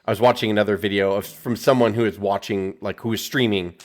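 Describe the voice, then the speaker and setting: A man in his forties from the United States, talking in casual podcast chat in a rambling, swearing, animated way. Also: lowish voice, fast. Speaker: podcast co-host.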